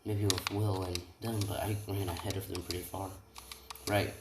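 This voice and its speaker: A man's voice: deep voice, little pitch movement, moderate pace, heavy background noise. Rambling young man telling a story. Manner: rambling, frequent tag questions and self-corrections. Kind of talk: improvised fan-fiction retelling. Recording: roomy room, distant mic, keyboard typing.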